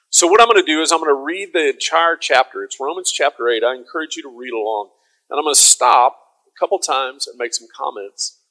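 A man preaching a sermon, conversational and casual, then rising to loud proclaiming. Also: mid-range voice, poor audio. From American South. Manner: conversational, swings from soft asides to loud proclaiming.

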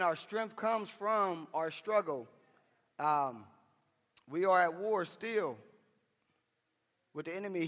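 A man's voice: high voice, fairly bright tone, in a large hall. A man preaching a sermon to men in a church, impassioned and conversational, with slangy asides. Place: church hall.

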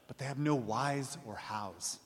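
Male pastor, mid-range voice, sermon delivery with big swells and soft drops, hall reverb. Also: unhurried, a little hiss or hum. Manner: swells loud and high for emphasis, then drops low and quiet.

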